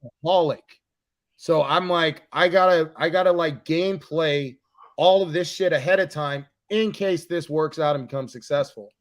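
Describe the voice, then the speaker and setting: A man's voice: on the high side, normal speed. A man, a comedian guest, talking candidly and profanely in a casual chat. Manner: candid, profane, bursts into laughter. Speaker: guest, comic writer and comedian.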